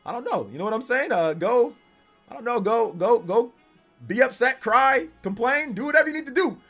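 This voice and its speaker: A man in his forties streaming live and reading chat, laid-back with bursts of animated teasing. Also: extremely high pitch, fairly quick. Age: 40s. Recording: faint music behind the voice.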